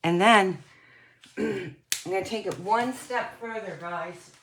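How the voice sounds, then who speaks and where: A woman casually demonstrating card-making techniques, chatting to viewers and often clearing her throat. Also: mid-range voice, slow pace, noisy background. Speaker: craft demonstrator.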